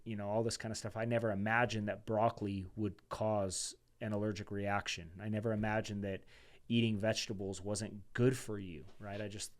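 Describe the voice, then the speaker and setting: A man as a podcast guest telling a personal story in a casual, animated way. He talks loosely and calls his listener "dude" and "man". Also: lowish voice, a little fast. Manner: chatty and animated, says "dude" and "man", acts out quoted dialogue.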